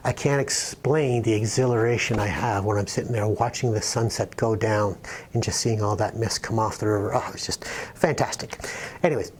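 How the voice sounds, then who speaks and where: A man's voice: on the low side, fairly even intonation, normal speed, darkish tone, a little hiss or hum. A man telling a rambling, self-deprecating story as host of his painting channel. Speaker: wildlife painter telling an anecdote. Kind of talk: casual storytelling.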